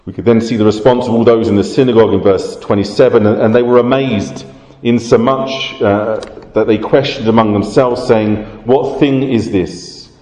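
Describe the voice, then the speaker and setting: A man preaching a sermon, explaining scripture in a measured way. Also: lowish voice, fairly even intonation, a little mellow. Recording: roomy hall reverb.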